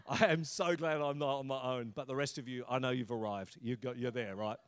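A man's voice: medium pitch, steady tone, brisk, clear, resonant tone. A middle-aged man pastor giving a sermon in a conversational, humorous preaching manner.

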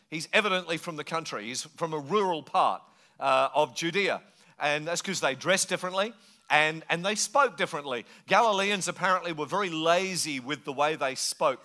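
A man's voice: on the high side, pushed and bright. A man from England preaching a sermon in a conversational, joking way, slipping into mimicked voices. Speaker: pastor.

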